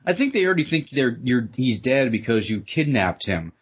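Sarcastic, lively-voiced heckling man. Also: mid-range voice, moderate pace, slightly rough. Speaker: podcast co-host. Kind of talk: casual comedic commentary. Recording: slightly dull lo-fi sound.

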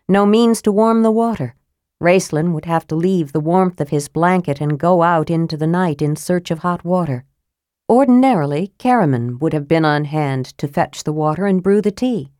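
A woman narrating a fantasy audiobook in a measured, grave storytelling manner, close to a studio microphone. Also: lowish voice, mellow, no room sound.

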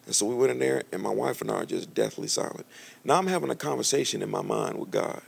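Gravelly man preaching a story sermon. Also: on the low side, fast. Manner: animated, conversational storytelling with repeated restarts. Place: church with a live congregation.

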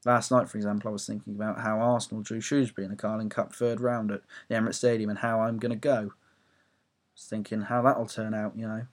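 A man's voice: on the low side, flat delivery, a little fast. A young English man ranting about football on his own audio blog, rambling, self-mocking and swearing freely. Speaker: football fan blogger.

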